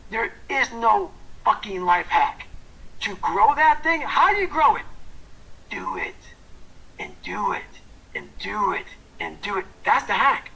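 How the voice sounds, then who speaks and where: A motivational speaker gives a fierce talk in a high-pitched, gravelly, raspy voice with a tense, forceful edge. Blunt and profane, he swings between loud, punchy lines and hushed, intense whispers, all on a low-quality recording.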